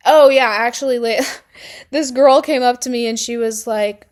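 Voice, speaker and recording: A young woman telling a high school story to camera in a rambling, sarcastic way, full of "like" and laughing often. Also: steady tone, normal speed, a little mellow. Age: young adult. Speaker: vlogger. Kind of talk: casual storytime chat.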